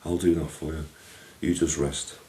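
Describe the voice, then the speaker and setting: A man voicing a kind, calm selkie woman who speaks soothingly and reassuringly. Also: rumbling low, moderate pace. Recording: echoey room, distant mic.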